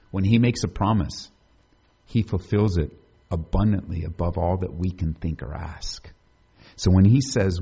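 A man's voice: deep voice, dark tone, breathy edge, lo-fi sound. A man preaching a sermon in a conversational way, putting questions to the congregation. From United States. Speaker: pastor.

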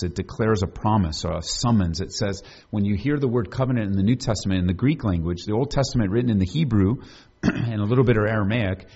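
A man's voice: fairly low pitch, warm tone, breathy edge, highs cut off. A man preaching a sermon in a conversational way, putting questions to the congregation. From United States. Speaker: pastor.

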